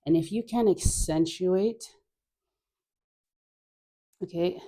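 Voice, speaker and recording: A woman leads a dance session in an unhurried, drawn-out way, her voice mellow and warm. She coaxes and teases playfully, laughing often and breathing out audible sighs between her cues. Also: fairly low pitch. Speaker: dance instructor. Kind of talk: guided dance class.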